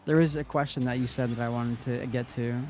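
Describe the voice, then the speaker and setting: A man's voice: medium pitch, fairly even intonation, a little fast, darkish tone, soft background music. A young man streaming a game, chatting casually and answering his chat. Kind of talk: casual live-stream chat while gaming.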